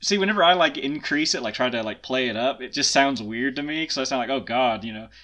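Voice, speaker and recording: Bright-voiced Southern man. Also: medium pitch, fast talker. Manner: self-deprecating, laughs often. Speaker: guest. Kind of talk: casual interview chat.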